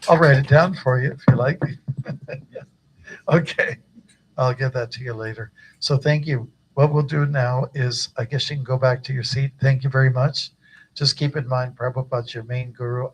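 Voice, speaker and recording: A man's voice: mid-range voice, fairly even intonation, moderate pace, a little hiss or hum, poor audio. An older man, a guru, giving an informal initiation talk at a temple gathering, chatty and joking with many fillers.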